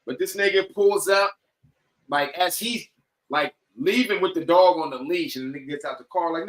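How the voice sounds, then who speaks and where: A man with a bright, forceful voice sitting a little higher than most men, telling a story as a podcast guest. He talks casually with plenty of swearing and slips into the voices of the people in his story. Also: normal speed, low-quality recording. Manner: animated, profane, acts out quoted lines.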